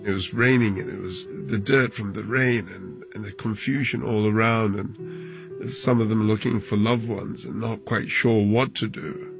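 A man, a football club chairman, recounting events in a documentary interview, halting and emotional, his voice dropping low at times. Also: steady tone, vocal fry, loud music behind the voice.

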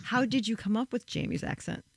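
A woman's voice: medium pitch, expressive, brisk, creaky, no room sound. Upbeat woman radio host, dry sound. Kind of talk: radio interview.

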